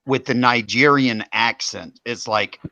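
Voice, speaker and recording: A man talking haltingly in a casual political chat, recorded on dull lo-fi audio. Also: medium pitch, pushed and bright, no room sound. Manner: halting, with restarts. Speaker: podcast guest.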